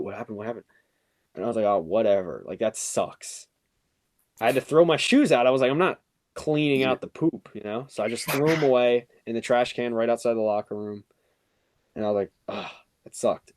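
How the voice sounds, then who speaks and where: Young man, casual podcast storytelling, filler-heavy, animated quoted voices. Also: mid-range voice, no echo. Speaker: podcast co-host telling a story.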